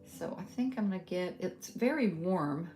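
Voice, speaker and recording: A middle-aged woman from Western North Carolina with a Southern accent, teaching a casual live painting tutorial, thinking aloud with many ums and soft laughs. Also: lowish voice, expressive, moderate pace. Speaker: art instructor. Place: home art studio. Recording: roomy studio with guitar music behind.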